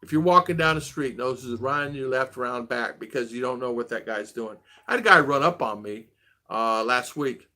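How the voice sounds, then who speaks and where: A man's voice: mid-range voice, moderate pace, sharp tone. A middle-aged man hosting a casual vlog stream, rambling and repeating himself as he answers viewers with blunt advice. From United States. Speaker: vlog host.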